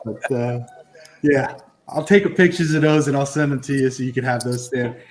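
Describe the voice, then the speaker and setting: A man's voice: mid-range voice, fairly even intonation, normal speed, a little hiss or hum, poor audio. A man on a live stream chatting casually as a guest food correspondent, talking through dishes with lots of ums and uhs. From Florida. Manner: rambling, filler-heavy, describes food while eating.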